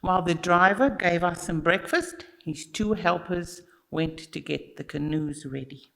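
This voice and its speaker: A speaker telling a story at a church service, in an unhurried, expressive way and talking straight to the listeners. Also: medium pitch, vocal fry, poor audio. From Australia. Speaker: children's story teller at church.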